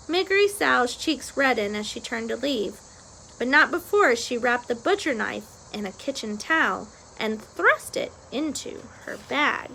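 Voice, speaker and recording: A woman reading a children's novel aloud with expressive storytelling. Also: a little high, measured pace, vocal fry, a little hiss or hum. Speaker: reader.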